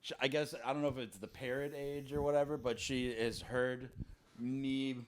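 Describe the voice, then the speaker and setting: A young man co-hosting a podcast, telling crude, excitable stories in casual chat and laughing through the punchlines. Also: mid-range voice, normal speed. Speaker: podcast co-host.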